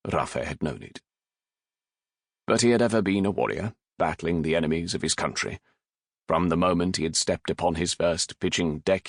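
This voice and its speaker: A man narrating a historical romance audiobook in a measured, dramatic reading. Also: low voice, no room sound, studio quality. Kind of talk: scripted narration.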